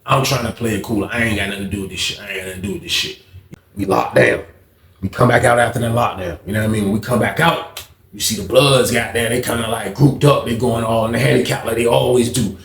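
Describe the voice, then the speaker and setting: Guy telling a wild story, lots of slang, gets hushed at the tense bits, echoey room. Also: medium pitch, fast talker, a little hiss or hum. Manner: animated, slang-heavy, drops to a hush for tense parts. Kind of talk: casual storytelling.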